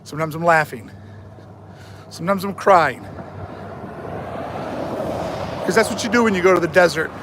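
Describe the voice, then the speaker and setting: A fairly high-voiced man live-streams his walk, chatting in a joking, self-mocking way and hyping himself up like a mock coach. He talks into a phone he holds in his hand outdoors, and wind and traffic noise come through clearly. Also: normal speed, long pauses. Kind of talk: live-streamed walking vlog. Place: outdoors on a desert sidewalk, walking. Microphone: phone held in hand.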